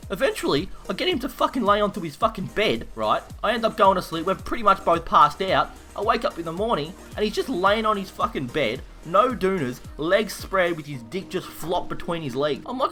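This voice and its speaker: A young Australian man telling a story in a rowdy, profane, animated way. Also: high-pitched, brisk, few pauses, faint music behind. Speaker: YouTuber. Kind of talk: casual storytelling while gaming.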